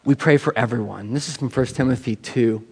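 A man's voice: mid-range voice, brisk, darkish tone, husky. A man preaching a sermon as pastor, talking in a conversational, self-deprecating way with many rhetorical questions.

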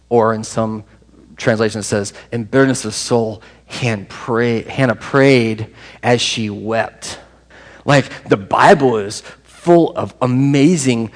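A man's voice: mid-range voice, creaky. A man preaching a sermon to his congregation in an emotional, conversational way. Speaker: pastor.

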